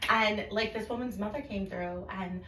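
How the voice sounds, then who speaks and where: A woman co-hosting a podcast, telling a story softly in a casual chat. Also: medium pitch, normal speed, a little hiss or hum. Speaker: podcast co-host. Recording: echoey room, far from mic.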